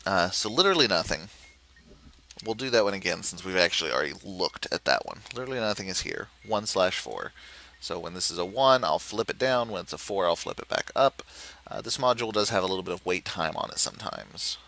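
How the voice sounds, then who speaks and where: A man with a lowish, bright, forward voice guides viewers through a puzzle game in a relaxed tutorial. He thinks aloud as he goes, filling pauses with "uh" and restarting sentences to clarify. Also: a little hiss or hum, rough recording. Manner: explanatory, thinking aloud with frequent "uh" and self-corrections. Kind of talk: screen-recorded game tutorial.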